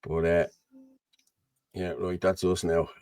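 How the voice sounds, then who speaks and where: A man's voice: low voice, little pitch movement, slow pace, darkish tone, no room sound. Rambling Irish man hosting. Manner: rambling, keeps saying "you know what I mean". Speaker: host. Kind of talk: casual chat on a video call.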